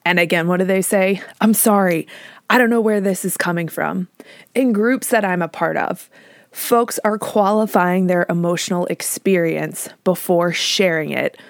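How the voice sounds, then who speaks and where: Energetic woman podcast host, dry sound. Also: medium pitch, dry recording. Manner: energetic, emphatic, laughs often. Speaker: podcast host, licensed psychologist. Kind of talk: solo podcast talk.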